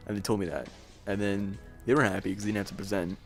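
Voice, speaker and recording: A man's voice: fairly low pitch, steady tone, fast, creaky, faint music behind. A young man co-hosting a podcast, chatting in an offhand, rambling way. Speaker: podcast co-host. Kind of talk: casual chat.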